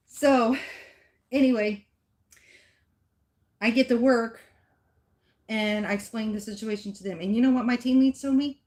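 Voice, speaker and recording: A woman's voice: on the high side, unhurried, long pauses, a little mellow. Woman, middle-aged, fitness vlogger, casual storytelling, emphatic, talks to camera. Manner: emphatic, addresses viewers directly.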